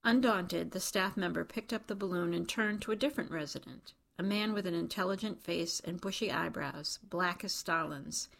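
Woman narrating audiobook, low voice, kinda gravelly, dry wry delivery. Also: normal speed, hardly any pauses, a bit bright.

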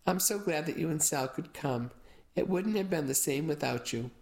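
A woman's voice: deep voice, animated, normal speed, a little mellow. A woman voicing a sentimental middle-aged mother who gushes over having family around, in a storybook reading. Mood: gushing.

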